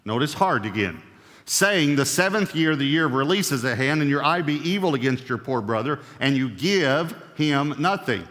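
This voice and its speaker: A man preaching a sermon, emphatic, with a voice that swings up and down in pitch and loudness. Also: expressive, moderate pace, long reverb tail. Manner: emphatic, rising and falling in pitch and volume. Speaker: pastor.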